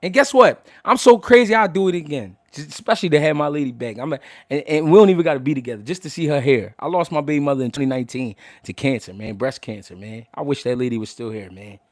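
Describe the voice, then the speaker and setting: A man's voice: a little high, lively intonation, fast, hardly any pauses, no echo, clean studio sound. A man hosting a livestream, talking heatedly to his chat, stammering and repeating words as he restarts. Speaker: livestream host answering chat. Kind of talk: emotional unscripted livestream talk.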